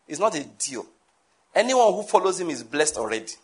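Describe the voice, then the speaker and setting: A man preaching a sermon, emphatic, repeating key phrases and sometimes bursting into shouts. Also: high-pitched, very animated, normal speed, long pauses.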